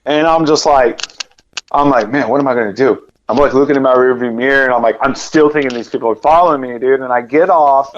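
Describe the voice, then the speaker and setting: A man telling a personal story as a podcast guest, rambling and animated, with lots of fillers and repeated words. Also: medium pitch, fast, lo-fi sound, a little hiss or hum. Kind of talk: casual storytelling.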